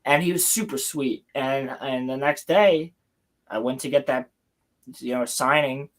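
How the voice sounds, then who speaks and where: A young man hosting a livestream from home, telling a story in an excited, rambling way with casual swearing. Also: mid-range voice, unhurried. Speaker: livestream host. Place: home, building Lego on stream.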